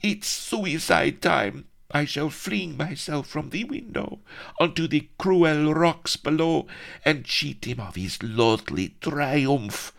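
A man voicing a swooning, melodramatic young Spanish lady in a high, fluttery, theatrical voice. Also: lively intonation, slow pace, gravelly, fairly bright tone, heavily acted. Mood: frantic.

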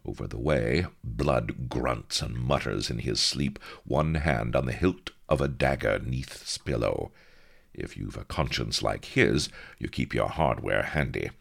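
A man narrating a comic adventure audiobook in a dry, deliberate storytelling manner. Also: very deep voice, creaky, husky.

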